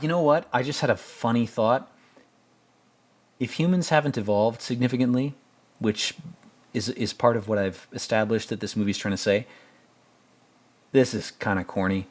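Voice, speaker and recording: A man hosting a casual film commentary, rambling and stammering with joking asides. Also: lowish voice. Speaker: host.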